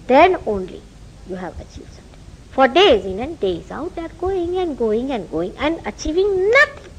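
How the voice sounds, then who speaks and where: A woman's voice: high voice, slightly rough, low-quality recording. A woman from India with an Indian accent, giving a public spiritual talk as a teacher, telling stories and asking rhetorical questions. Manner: animated storytelling with rhetorical questions. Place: meeting house hall.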